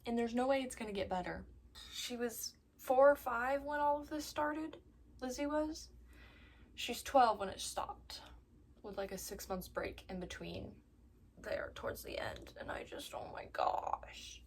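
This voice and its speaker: A woman vlogging casually about a book she is reading, upset and near tears, dropping to soft whispers and then rising to exasperated outbursts. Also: on the high side, expressive, measured pace, slightly rough. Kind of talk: reading vlog, casual talk to camera.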